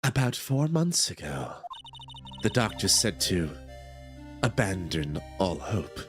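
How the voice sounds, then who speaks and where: Brief: a man playing an eerie frail girl, low and slow, every word drawn out. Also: big pitch swings, soft background music, heavily acted. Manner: slow, drawn-out, ominous delivery. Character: creepy young woman, frail, flat and menacing. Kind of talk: reading a visual novel aloud with voices.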